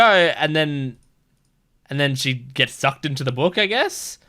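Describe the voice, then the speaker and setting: A man hosting a reaction video, chatting casually with lots of fillers and rambling excitement. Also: on the high side, measured pace. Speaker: reaction channel host.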